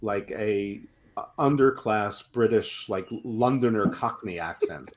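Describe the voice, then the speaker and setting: A fairly low-voiced man trading wry, deadpan jokes over a video call. He talks casually and swears now and then, and he keeps his delivery dry even while he jokes. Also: a little slow. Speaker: podcast co-host. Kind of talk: casual chat.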